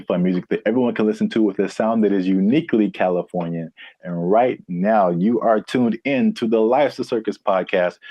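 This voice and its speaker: A relaxed man co-hosting a podcast, easygoing and quick to laugh. His voice sits fairly low. The sound is close and dry, with no room echo. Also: highs cut off. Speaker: podcast co-host. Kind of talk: casual podcast chat.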